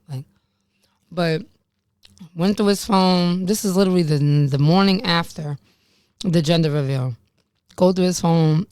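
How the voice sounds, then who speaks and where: A woman's voice: on the low side, measured pace, long pauses, a little mellow, smooth, no room sound, studio quality. A woman in her late twenties telling her life story straight to the camera, blunt and conversational, swearing freely and laughing at herself. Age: late 20s. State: pregnant. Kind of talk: candid storytime monologue.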